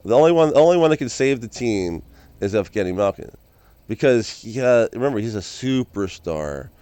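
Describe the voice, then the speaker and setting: A man talking in a rambling, excitable monologue, repeating and restarting his phrases and now and then bursting into loud yells. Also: medium pitch, moderate pace, clean tone, no echo. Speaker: video host.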